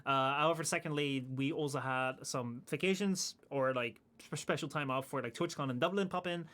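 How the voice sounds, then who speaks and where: Young man, chatty streamer who rambles, trails off with fillers and laughs at himself, mid pitch. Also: normal speed, fairly bright tone. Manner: rambling, laughs often, self-deprecating. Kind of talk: casual chat.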